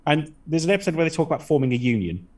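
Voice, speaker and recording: A man's voice: fairly high pitch, big pitch swings, racing, darkish tone. A man co-hosting a casual podcast, enthusiastic and swearing freely. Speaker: podcast co-host. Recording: voice a bit far from the mic.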